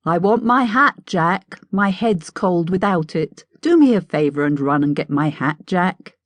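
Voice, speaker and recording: A woman's voice: on the low side, expressive, a little slow, no room sound, voice pushed up. A woman voicing a mad, sing-songy male hatter with an unhinged, wheedling manner in an audiobook. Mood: sing-song teasing. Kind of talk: audiobook character voice.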